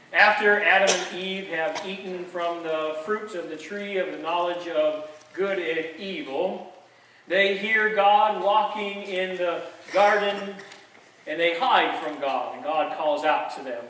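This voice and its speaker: A male pastor delivers a sermon in a light, high and bright voice, easygoing and wryly funny between points. He sounds set back from the microphone. The church around him rings with heavy reverberation. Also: a little hiss or hum. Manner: conversational preaching with wry jokes. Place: church sanctuary. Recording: echoey sanctuary, mic at a distance.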